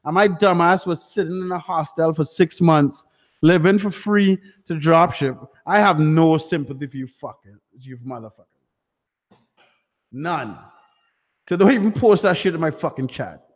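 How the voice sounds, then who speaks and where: A young man hosts a live Q&A and rants at his viewers, swearing freely and talking bluntly. His voice sits high for a man. The sound carries a long hall-like reverb. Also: normal speed. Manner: profane, ranting, blunt. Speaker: livestream host answering chat questions. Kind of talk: live Q&A stream.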